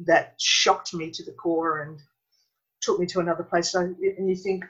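A middle-aged woman with an Australian accent, telling a painful personal story as an interview guest, earnest and halting, often restarting her sentences. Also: fairly low pitch, fairly even intonation, a bit bright. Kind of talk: emotional personal account. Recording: dull lo-fi recording.

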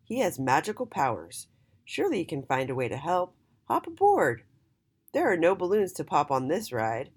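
A woman's voice: deep voice, wildly swooping pitch, normal speed, breathy edge, heavily acted. A woman voicing Jolly, a cheerful, helpful talking trolley in a children's storybook. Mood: encouraging.

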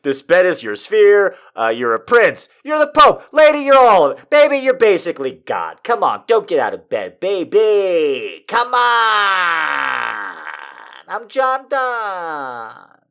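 A man putting on a swaggering male poet with a New Jersey accent, coaxing a lover in a high, pushy voice. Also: wildly swooping pitch, takes it slowly, fairly bright tone, clean tone, heavily acted.

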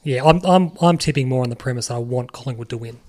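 A young Australian man co-hosting a casual footy podcast, his voice sitting at a middle pitch. He talks in animated, quick bursts and leans hard on the key words. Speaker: podcast co-host. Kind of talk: casual sports chat.

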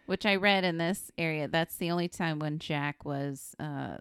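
A woman's voice: sits low, normal speed, clean tone, dry recording, studio quality. A woman co-hosting a podcast, chatting casually about a movie and laughing often. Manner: giggly, lively, chimes in. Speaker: podcast co-host. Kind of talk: casual movie recap chat.

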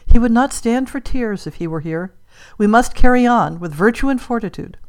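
A grieving middle-aged mother in a storybook reading, as a woman narrator puts her on. Her voice is gentle yet firm, now soothing, now lightly scolding, pitched a touch above the narration. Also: animated, moderate pace, natural voice. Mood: tender.

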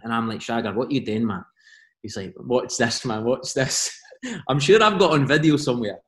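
A man with a Scottish accent telling animated stories as a podcast guest, laughing often and quoting teammates. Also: medium pitch, moderate pace, roomy sound. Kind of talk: casual storytelling.

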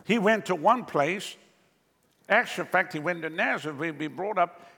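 A man preaching a sermon as pastor, animated, with sweeping pitch jumps and chuckling asides. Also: moderate pace, gravelly, husky, in a large hall.

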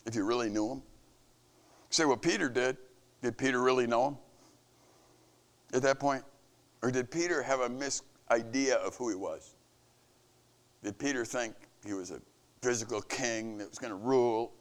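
Talking at a normal speed with long pauses, a man who leads the camp gives his staff an earnest devotional message. His preaching rises and falls in pitch for emphasis.

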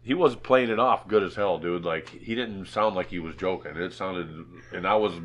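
A man in a band, chatting casually and swearing as he tells animated stories. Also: low-pitched, normal speed. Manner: profane, animated storyteller. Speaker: band member. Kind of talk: casual chat.

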